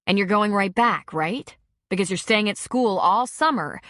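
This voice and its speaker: Woman doing a sharp-tongued, angry young woman. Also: medium pitch, a little slow, no room sound, clean studio sound. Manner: sarcastic, indignant.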